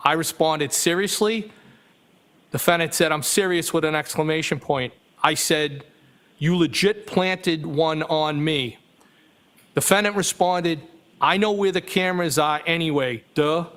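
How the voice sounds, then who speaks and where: Male courtroom witness, higher voice, even reading pace, plain and careful delivery. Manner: flat, measured reading with small self-corrections. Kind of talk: courtroom testimony, reading texts aloud.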